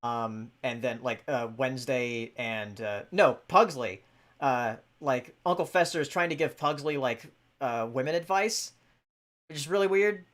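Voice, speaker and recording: Podcast host, male, middle pitch, relaxed chat, stops and starts a lot. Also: a little slow. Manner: hesitant, many fillers. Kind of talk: casual chat.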